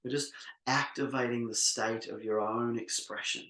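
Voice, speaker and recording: A man facilitating an online workshop, leading a slow, soothing guided exercise with many pauses over a video call. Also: medium pitch, fairly even intonation, pushed and bright, roomy sound, low-quality recording.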